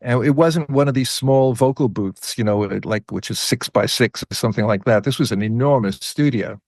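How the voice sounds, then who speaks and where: A man in his eighties, with a New York accent tinged with British, tells studio stories as an interview guest in a relaxed, anecdotal way, slowing down to stress details. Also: mid-range voice, dry recording. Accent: New York English with a British tinge. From United States. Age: 80s. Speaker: guest, music producer. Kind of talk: conversational interview storytelling.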